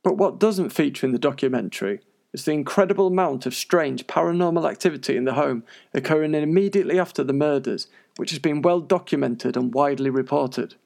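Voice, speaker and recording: A man's voice: on the high side, fairly quick, creaky, darkish tone. A man presenting paranormal news in scripted narration, with wry, sarcastic asides.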